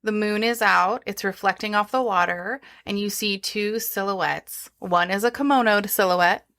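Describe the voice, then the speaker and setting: A woman's voice: mid-range voice, normal speed, a bit bright. A woman co-hosting a podcast, chatting casually in a wry, sarcastic way with frequent laughs. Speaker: podcast co-host. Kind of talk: casual chat.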